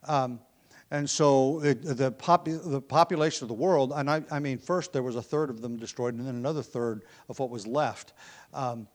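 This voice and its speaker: A man's voice: medium pitch, moderate pace. A man teaching verse by verse through a Bible passage, explaining as he goes, with frequent ums and restarts.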